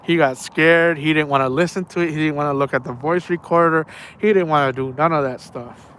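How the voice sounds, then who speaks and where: A man's voice: fairly high pitch, steady tone, a little fast, a bit bright, slight background noise. A man telling a story casually outdoors at night. He rambles and repeats himself and drops slang like "man" and "bro". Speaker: angler telling stories on a night fishing trip.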